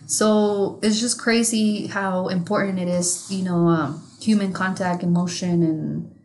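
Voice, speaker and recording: A woman co-hosting a podcast in casual chat, talking candidly and with plenty of swearing, growing animated when something amuses her. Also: on the low side, measured pace, a little hiss or hum. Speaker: podcast co-host.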